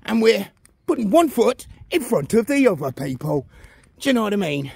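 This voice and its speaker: Man, out of breath on a walking vlog, gravelly, husky voice, chatty to camera, recorded outdoors on a phone. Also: sits high, sing-song, fairly quick. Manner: chatty, keeps asking the viewer "you know what I mean". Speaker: vlogger. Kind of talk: casual walk-and-talk vlog. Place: outdoors on a village road.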